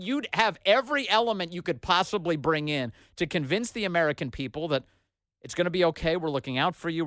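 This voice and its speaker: A man's voice: mid-range voice, a bit bright, dry recording, clean studio sound. A man hosting a talk radio show, delivering an emphatic, sarcastic opinion monologue.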